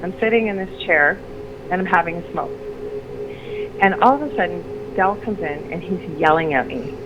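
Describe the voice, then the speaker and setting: This middle-aged woman is a radio guest recounting something personal in a lowish voice at a moderate pace. Her story meanders, with sentences begun again, and she becomes lively when voicing other people's words. The recording is lo-fi, with background noise clearly audible.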